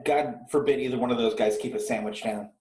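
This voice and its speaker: A man in casual chat, sarcastic and foul-mouthed as he rants about rock stars. His voice sits at a middle pitch and rings in a roomy, echoey space. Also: steady tone, quick pace, a little mellow. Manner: profane, ranting and sarcastic. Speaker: podcast co-host.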